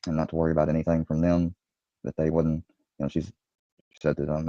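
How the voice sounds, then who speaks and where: A man's voice: rumbling low, completely flat delivery, fast talker, pauses often, mellow, no room sound. A man hesitantly recounting events, with many ums and restarts, heard from a dull played clip.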